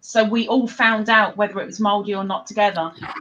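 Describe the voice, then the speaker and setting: A woman hosting a casual livestream, chatting and teasing her viewers in an animated way. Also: mid-range voice, quick pace, highs cut off. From England. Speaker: livestream host.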